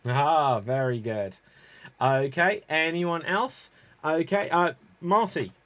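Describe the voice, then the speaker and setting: A man's voice: a little high, takes it slowly, fairly bright tone. A man hosting an improv pun game, telling jokes and calling on players by name. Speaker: improv host.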